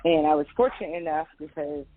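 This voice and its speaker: Guest, woman in her 40s, Valley girl sound, lively raconteur, tinny phone-line audio. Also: low voice, quick pace. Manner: animated, laughing storyteller with a Valley girl way of talking. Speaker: podcast guest. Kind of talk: storytelling in a casual interview.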